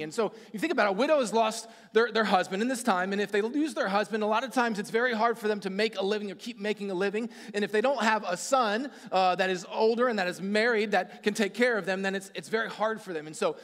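A man's voice: high-pitched, fairly bright tone. A man giving a casual, conversational sermon who acts out voices in the story. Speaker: preacher. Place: church hall. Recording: hall reverb.

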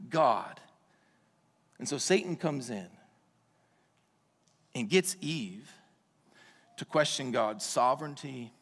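A man preaching from the pulpit in a high, lively voice that swings widely in pitch. He breaks into sudden shouts and playful asides to the congregation. His words ring out with the long reverb of a large church hall. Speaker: pastor. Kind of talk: sermon.

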